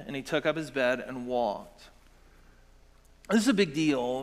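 A man's voice: fairly high pitch, fairly bright tone, in a large hall. A man preaching a sermon as pastor, in a conversational, earnest way with asides to his congregation.

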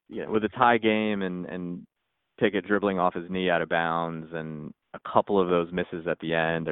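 Man, low voice, tinny phone-like line, dry, rambling casual sports talk. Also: no room sound. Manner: rambling, many restarts and repeated words. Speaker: podcast co-host.

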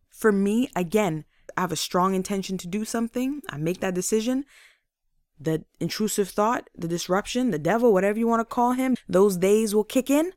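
Energetic woman with a faith-based motivational monologue, voicing doubts in asides, recorded dry. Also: mid-range voice, no room sound. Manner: energetic, acts out inner voices in quick asides. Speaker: motivational speaker.

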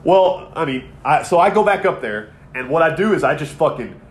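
A man's voice: fairly high pitch, sing-song, moderate pace. Profane, rambling man in his thirties. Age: 30s. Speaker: podcast co-host. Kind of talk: casual chat.

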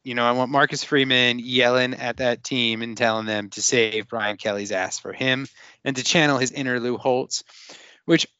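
A man hosting a casual sports podcast, reading listener questions in an animated, jokey way with quick restarts. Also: mid-range voice, clean tone, no echo, lo-fi sound.

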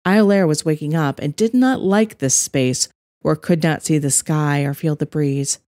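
A woman narrating a story as its author, in an even, measured reading. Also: deep voice, no room sound.

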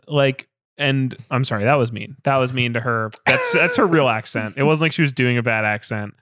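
A man's voice: mid-range voice, moderate pace, few pauses, fairly bright tone, dry recording, studio quality. A man co-hosting a casual movie review chat, talking in a loose, rambling way with swearing and fillers. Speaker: podcast co-host.

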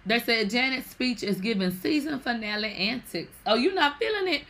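A woman hosts a gossip show in loose, casual chat. Her voice is bright and forward, and she talks in an animated, salty way, full of sassy asides. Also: on the high side, normal speed.

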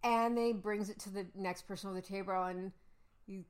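A woman co-hosting a casual chat, telling a story with animated delivery, laughing often and acting out quotes. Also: medium pitch, normal speed, clear, resonant tone. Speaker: podcast co-host; mother.

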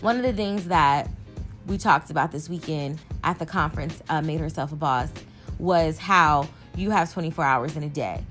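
A woman's voice: sits low, normal speed, soft background music. A young adult woman talking casually and animatedly to her listeners, like a personal podcast monologue. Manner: chatty, animated, addresses listeners as y'all. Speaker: podcast host.

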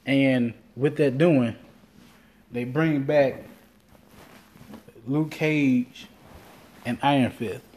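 Mellow-voiced man in a casual rant. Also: mid-range voice, steady tone, drawn-out words, pauses often. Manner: loose, rambling, swears freely, acts out quotes. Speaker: podcast host. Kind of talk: casual monologue.

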